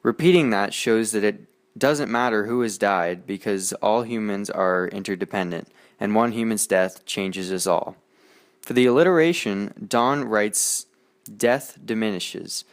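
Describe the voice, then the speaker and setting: A teenage boy reading his school poetry analysis aloud in a steady, earnest way, with small slips. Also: fairly low pitch, unhurried. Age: teens. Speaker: student presenter.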